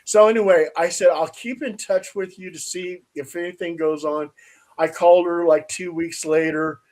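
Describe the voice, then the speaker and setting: In a casual chat he's hosting, a man whose voice sits high relates a story at moderate pace, animated throughout as he imitates the people in it.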